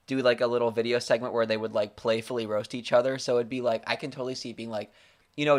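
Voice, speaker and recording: A man's voice: medium pitch, level tone, fast. A man hosting a casual interview, reacting with playful exclamations. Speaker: interviewer, host.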